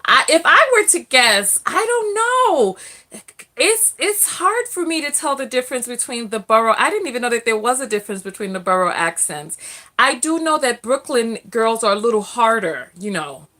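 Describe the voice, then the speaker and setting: Lively, bright-voiced woman from the Bronx. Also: a little high, normal speed. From the Bronx, New York. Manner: chatty, laughs often, reads viewer comments aloud. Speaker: live stream host. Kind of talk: casual live call-in chat.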